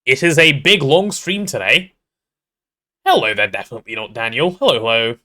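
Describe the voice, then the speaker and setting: Male game streamer, casual and playful, bright tone with a bouncy, swinging pitch, reads chat aloud. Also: expressive, moderate pace. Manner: playful, greets and answers chat aloud with repeated words.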